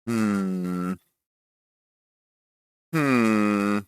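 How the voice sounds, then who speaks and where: A man's voice: fairly low pitch, extremely slow, smooth, no room sound. A man streaming a game, chatting casually, thinking aloud and laughing often. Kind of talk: casual gameplay chat.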